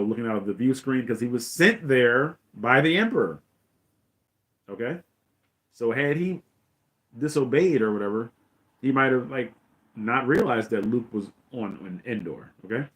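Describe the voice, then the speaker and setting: Rambling, excited middle-aged male host. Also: mid-range voice, normal speed, long pauses. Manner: excited, rambling retelling with many fillers. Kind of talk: casual film recap commentary.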